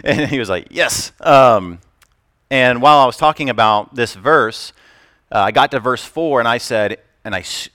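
A man preaching a sermon to a congregation, swinging between loud declarations and hushed asides, telling stories with humor. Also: mid-range voice, smooth, no room sound. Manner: storytelling with humor. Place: church.

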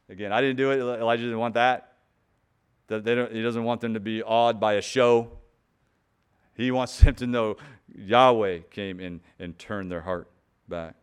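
A man's voice: on the low side, fairly even intonation, normal speed, smooth. A man preaching a sermon in an earnest, emphatic way, pressing key points harder and often repeating words as he builds them.

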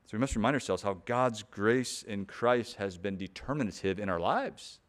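A man's voice: on the low side, moderate pace. A man preaching a sermon in an earnest, emphatic way, pressing key points harder and often repeating words as he builds them.

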